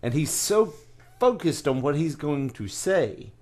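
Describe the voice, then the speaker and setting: A man hosting a casual podcast, telling a story in quick, animated bursts full of fillers and restarts. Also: fairly high pitch. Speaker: podcast host.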